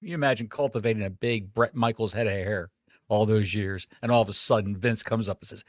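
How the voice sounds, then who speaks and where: A man co-hosting a wrestling podcast, trading excitable jokes in casual chat. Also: fairly low pitch, brisk, no echo, studio quality. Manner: excitable, joking banter. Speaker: podcast co-host.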